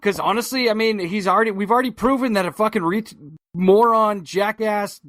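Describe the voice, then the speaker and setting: A man's voice: high-pitched, fairly quick, fairly bright tone, no echo, clean studio sound. A man co-hosting a podcast, joking crudely and swearing freely in casual chat. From Massachusetts. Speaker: podcast co-host.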